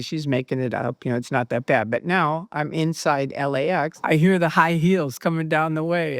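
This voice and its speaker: A woman recounting her personal experiences, animated and acting out the dialogue she quotes. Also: deep voice, no room sound, clean studio sound. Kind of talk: personal storytelling.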